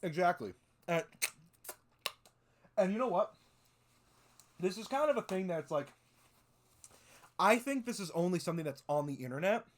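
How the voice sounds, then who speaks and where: A man's voice: high voice, expressive, moderate pace, pauses often, slight background noise. A man in his twenties streaming, chatting casually and rambling with lots of swearing and fillers. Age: 20s. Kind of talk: casual stream chat reacting to videos.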